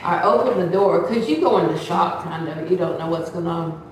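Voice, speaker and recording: A woman of seventy tells a lively church testimony and acts out the voices of the people in her story. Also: fairly low pitch, brisk, a little hiss or hum. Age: 70s. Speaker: church member giving a testimony. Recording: echoey hall, distant mic.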